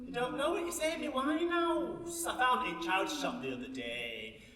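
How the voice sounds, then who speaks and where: A man with a very high, pushed, bright voice speaks fairly quickly as he plays a bawdy, gossipy older Sheffield housewife with a Yorkshire accent. The comic monologue is performed on stage in a large hall, heard from far off with echo.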